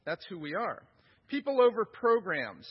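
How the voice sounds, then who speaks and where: A man's voice: sits high, very animated, moderate pace, slightly rough, muffled recording. A man preaching a sermon as pastor, earnest and repeating phrases for emphasis. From United States.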